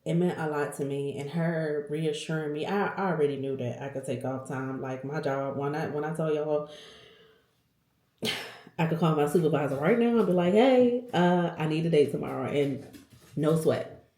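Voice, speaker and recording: A woman's voice: low-pitched, moderate pace, mellow. A woman vlogger and working mother telling a personal story in a candid, emotional way, talking straight to her viewers. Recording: roomy echo.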